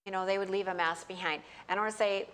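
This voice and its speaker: A woman's voice: mid-range voice, fairly even intonation, quick pace, fairly bright tone. Woman co-host chatting earnestly, faint noise in the room. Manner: earnest, conversational, acts out quotes. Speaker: co-host on a political talk show. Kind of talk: opinionated panel talk.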